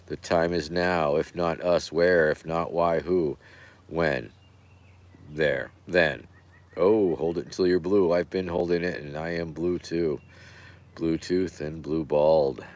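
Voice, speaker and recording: A hoarse man hosting a livestream, rambling in deadpan jokes with plenty of fillers. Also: rumbling low, slow pace. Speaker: livestream host. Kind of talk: casual stream chat.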